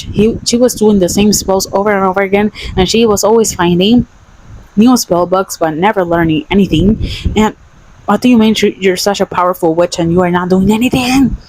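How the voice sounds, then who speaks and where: A woman's voice: mid-range voice, darkish tone, rough recording. Exasperated young woman ranting about books. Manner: exasperated, emphatic, repeats herself. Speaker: book vlogger. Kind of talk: casual ranting book review.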